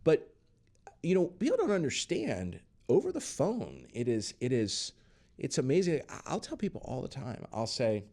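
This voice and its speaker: A middle-aged man hosting a casual interview, talking in a lively way and acting out the voices of people he quotes. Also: medium pitch, normal speed. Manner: animated, acts out quoted voices. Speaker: podcast host.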